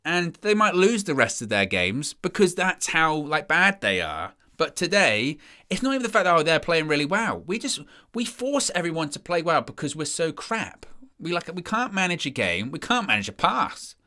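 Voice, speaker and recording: A man commentates live over a match, ranting with weary sarcasm about his side. His voice is bright and forward, and his delivery swings between flat disbelief and raised frustration. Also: fairly high pitch, normal speed. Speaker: fan channel presenter.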